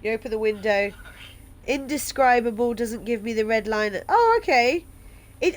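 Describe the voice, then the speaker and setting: A woman's voice: a little high, lively intonation, moderate pace. A woman streaming a game playthrough, reading its text aloud and chatting casually, swearing now and then.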